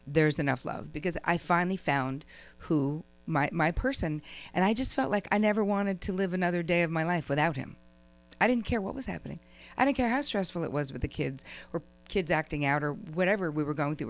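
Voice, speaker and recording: A middle-aged woman with a notably low voice teaching a relationship workshop to a room of listeners. She talks in a chatty way, full of "like" and "right?", and slips into quick acted-out exchanges to make her points. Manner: lively, acts out little quoted exchanges; chatty, uses "like" and "right?" often. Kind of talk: workshop lecture to a live audience.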